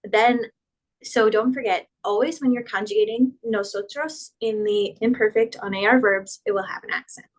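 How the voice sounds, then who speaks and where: Female teacher, patient explainer, walks through conjugation tables slowly and clearly. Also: medium pitch, fairly even intonation, low-quality recording. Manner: patient, spells out verb endings, slows down for examples. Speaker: Spanish teacher. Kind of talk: explanatory grammar lesson.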